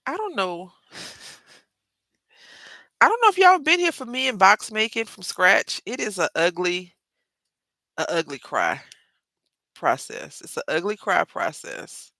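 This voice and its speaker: A woman's voice: medium pitch, big pitch swings, measured pace, long pauses, bright, forceful tone, dry recording. A woman with a Southern Texas accent hosting a casual live craft tutorial, chatty and rambling, often addressing viewers as y'all. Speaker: craft livestream host.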